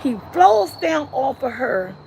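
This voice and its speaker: High-voiced woman vlogger telling a story. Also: sing-song, slow, vocal fry, a little mellow, a little hiss or hum, poor audio. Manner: laughs and shrieks while retelling scenes. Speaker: vlogger reviewing a movie. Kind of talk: animated casual storytelling.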